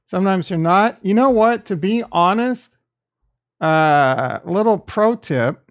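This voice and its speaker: A man hosts a casual livestream and answers his chat directly, defensive one moment and joking the next. His voice sits a bit high for a man and carries a gravelly fry. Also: animated, takes it slowly. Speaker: livestream host reading chat.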